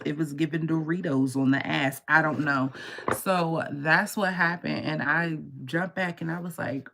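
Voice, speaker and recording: At home at night with others asleep, a woman who reads tarot and hosts livestreams tells a story casually, swearing a lot and laughing. She's animated but keeps her voice down so she won't shout and wake anyone. Her voice sits low, unhurried and creaky.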